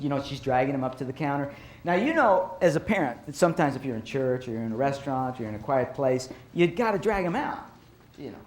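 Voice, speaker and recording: A man giving a storytelling lecture to an audience on violence prevention, animated and repeating phrases for emphasis. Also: on the high side. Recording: roomy echo.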